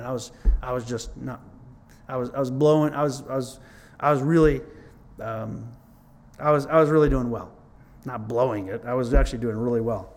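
A man's voice: medium pitch, darkish tone, slight background noise. A middle-aged man preaching a sermon in a conversational, earnest way, mixing scripture with his own testimony. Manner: conversational, earnest, repeats "it's like, whoa".

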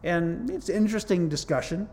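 A man's voice: high-pitched, expressive, a little fast, vocal fry, a little mellow. A man preaching a sermon in a conversational but emphatic way, teaching from scripture and stressing points with rises in his voice. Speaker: pastor.

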